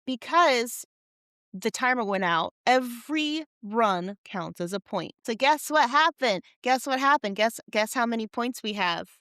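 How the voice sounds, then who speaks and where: Excitable podcast lady, kinda highish smooth voice, dry close mic. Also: a little slow, no echo. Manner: excitable, laughs often, rambling. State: tired. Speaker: podcast co-host. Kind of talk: casual chat.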